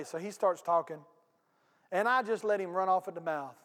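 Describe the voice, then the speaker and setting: A pastor with a notably high voice tells a story from the pulpit, folksy and animated, talking straight to his congregation. His voice rings out with a long reverb from a big church hall. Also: moderate pace. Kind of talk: storytelling sermon. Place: church sanctuary.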